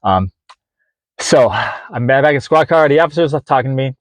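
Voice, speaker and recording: A man's voice: mid-range voice, lively intonation, moderate pace, no room sound. A man in his forties telling a story to camera in a casual vlog from inside his van, rambling with lots of fillers and restarts and acting out the conversations. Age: 40s. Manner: rambling, many fillers and restarts, acts out quoted dialogue. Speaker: vlogger.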